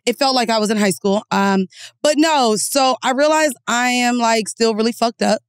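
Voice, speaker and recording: A woman co-hosting a podcast, telling stories in a blunt, profane, animated way. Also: a little high, normal speed, clean tone, dry recording, clean studio sound. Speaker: podcast co-host. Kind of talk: candid casual chat.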